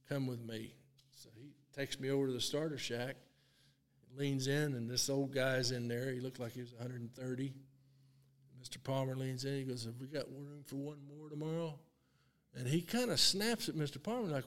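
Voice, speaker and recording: A man in his sixties tells a story in a casual interview, with a mid-range voice. He animates it by acting out what people said and laughs often along the way. His voice rings with a long room reverb. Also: medium pitch. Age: 60s. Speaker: guest, long drive champion.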